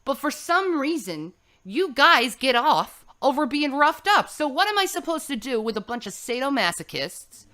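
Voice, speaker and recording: Woman, religious streamer, scolding profane sermon-rant, bright cutting tone. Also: sits high, big pitch swings, moderate pace. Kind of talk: ranting preachy monologue.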